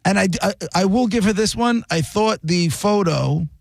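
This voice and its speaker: A male radio host in casual, rambling banter, sarcastic, now and then mimicking people in a high squeal. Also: moderate pace, gravelly, dry recording. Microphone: studio mic.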